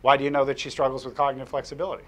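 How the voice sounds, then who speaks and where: A man presenting a workshop, telling an anecdote to an audience in an animated way with frequent fillers and restarts. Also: medium pitch, rapid-fire. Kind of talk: storytelling lecture to an audience.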